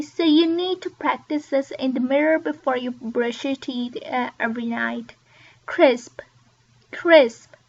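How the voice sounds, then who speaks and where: A woman's voice: sits high, a bit bright, highs cut off. A woman teaching English pronunciation, saying each word twice with careful emphasis. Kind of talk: pronunciation lesson.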